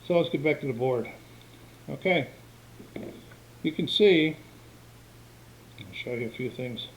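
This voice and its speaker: A man's voice: medium pitch, expressive, measured pace, slight background noise, poor audio. An older man casually walking through a tabletop game setup, talking in a plainspoken, meandering way on camera at home. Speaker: board game demonstrator. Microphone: camera microphone.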